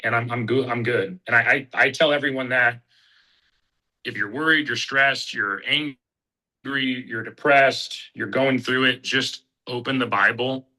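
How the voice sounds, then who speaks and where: A man from Kansas City, a bare-knuckle fighter and podcast guest, telling a heartfelt personal story in an earnest, halting way. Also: mid-range voice, steady tone, pushed and bright, low-quality recording. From Kansas City, USA. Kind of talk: personal testimony in casual conversation.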